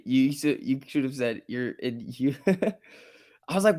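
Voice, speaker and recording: A man's voice: on the high side, moderate pace, fairly bright tone. A man hosting a casual stock market livestream, chatting and laughing often as he reads chat and tells stories. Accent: New Jersey.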